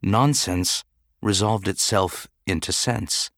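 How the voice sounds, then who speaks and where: A man giving measured, dramatic audiobook narration. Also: lowish voice, animated, a bit bright, no echo, studio quality.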